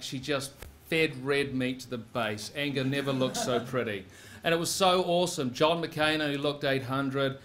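A man's voice: medium pitch, a bit bright. A man telling a live story on stage in the second person, with a wry, punchy delivery. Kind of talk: live spoken-word storytelling.

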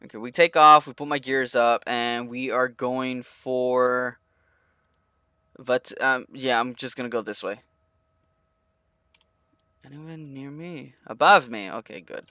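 A young man streaming a flight combat game, talking to his viewers in an excitable, rambling way. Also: mid-range voice, takes it slowly, long pauses, clear, resonant tone, dry recording. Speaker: gaming streamer. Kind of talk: live gameplay commentary.

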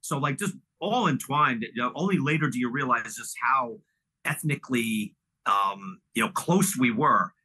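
A man's voice: mid-range voice, expressive, normal speed, pushed and bright, breathy edge, poor audio. A middle-aged man from Long Island, New York, reminiscing casually as an interview guest, rambling with lots of fillers and restarts. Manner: rambling, full of "you know" fillers and restarts.

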